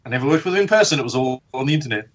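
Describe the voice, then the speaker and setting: A man with a husky, slightly rough voice, heard over a dull, muffled remote line. He rambles in casual podcast chat, laughing often and poking fun at himself. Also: medium pitch, animated, very fast. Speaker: guest, comic book artist.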